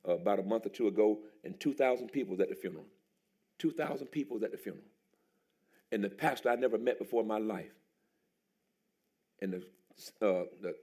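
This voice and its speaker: A pastor preaching a sermon in a church, a man who jumps into a high excited voice and shouts as he tells stories. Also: husky. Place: church sanctuary.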